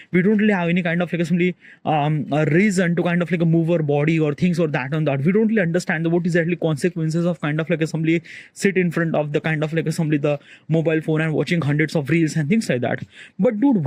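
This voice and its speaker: A man vlogging alone outdoors on a rooftop on a cold morning. He rambles fast with heavy fillers and keeps telling himself to slow down. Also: sits high, darkish tone, dry recording. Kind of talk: rambling solo monologue.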